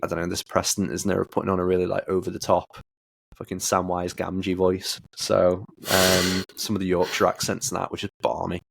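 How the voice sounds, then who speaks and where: Gravelly man ranting casually. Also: low voice, a little fast, dry recording, clean studio sound. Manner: blunt, swears a lot, animated rants. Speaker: podcast host. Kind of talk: casual gaming podcast chat.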